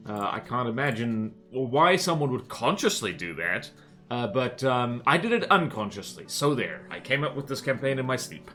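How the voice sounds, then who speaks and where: A man's voice: medium pitch, fairly bright tone. A man streaming a game live, chatting casually in a rambling, self-mocking and jokey way. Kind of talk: casual live-stream chat while playing.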